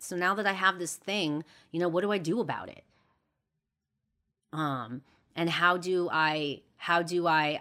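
Low-voiced woman musing candidly. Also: fairly bright tone. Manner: reflective, earnest, many fillers and restarts. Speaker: podcast host. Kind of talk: candid personal monologue.

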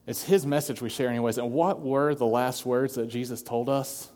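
A man's voice: medium pitch, moderate pace, a little mellow. Man preaching in a reverberant hall. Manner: earnest preaching, acts out quoted voices. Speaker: pastor. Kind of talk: sermon.

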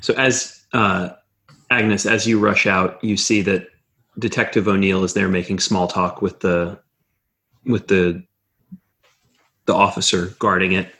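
A man running a tabletop horror game as game master, narrating in a measured way with frequent fillers. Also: deep voice, level tone, a bit bright.

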